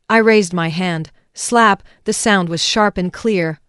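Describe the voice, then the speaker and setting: A woman narrating a first-person drama story in a calm, even way. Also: on the low side, slow, hardly any pauses, smooth, no echo, clean studio sound.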